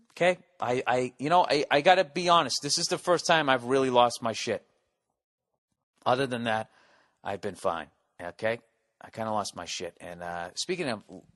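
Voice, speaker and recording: A middle-aged American man hosting a podcast, delivering a profane, rambling comic monologue with swings between loud rants and muttered asides. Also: mid-range voice, expressive, normal speed. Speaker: podcast host.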